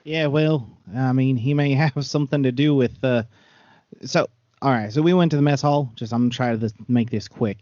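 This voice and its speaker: A man playing a tabletop horror game in character, brisk and practical as he sums things up. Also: medium pitch, mellow, no room sound. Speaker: player. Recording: dry, slightly muffled audio.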